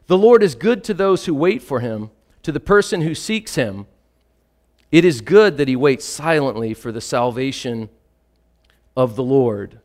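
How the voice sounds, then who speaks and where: A man preaching a sermon, reading psalm verses slowly with pauses and then explaining them plainly. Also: a little high, lively intonation.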